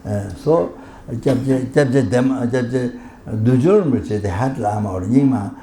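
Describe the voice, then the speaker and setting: A man gives a Buddhist teaching in a gravelly, mellow voice. He talks slowly and haltingly, full of fillers and chuckles. The recording is roomy, with faint hiss behind him. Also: mid-range voice. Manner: halting, many fillers, laughs often. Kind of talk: dharma teaching. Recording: echoey hall ambience, faint noise.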